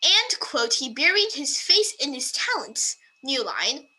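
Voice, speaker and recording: A woman vlogger reading a book excerpt aloud to voice typing, slow and deliberate, breaking off for amused asides. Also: high voice, big pitch swings, sharp tone, poor audio.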